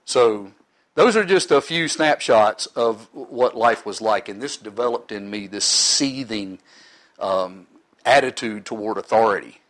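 A man's voice: on the low side, lively intonation, unhurried, a bit bright, rough recording. Earnest middle-aged man telling his story. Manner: earnest storytelling, sometimes emotional. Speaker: ministry leader giving his testimony. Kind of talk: personal testimony speech to a live audience.

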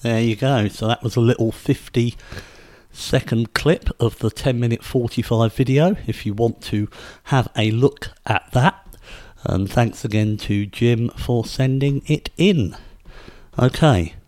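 Speaking at a measured pace, this UK man runs his own podcast in a conversational style, stressing his arguments firmly. His mid-range voice has a darkish tone.

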